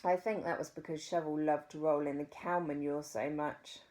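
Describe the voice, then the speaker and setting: Expressive New Zealand woman storyteller. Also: sits low. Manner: expressive, dramatic pauses. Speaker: children's story reader. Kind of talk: reading a children's book aloud.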